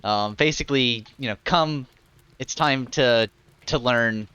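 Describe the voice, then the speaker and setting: A man narrates a tabletop game as dungeon master, rambling loosely with fillers. His voice is bright and crisp, and the recording sounds dull and lo-fi. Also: medium pitch, measured pace. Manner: rambling, heavy on fillers like "like" and "you know".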